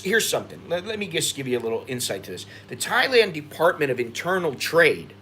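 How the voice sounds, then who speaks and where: An American man talks loosely to his livestream audience and vents his frustration. His voice is bright and forceful and sits a little high for a man, and it climbs further when he gets agitated. Faint background noise sits under the voice. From United States. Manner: frustrated venting, rising in pitch when agitated. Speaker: expat livestream host. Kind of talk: casual livestream commentary.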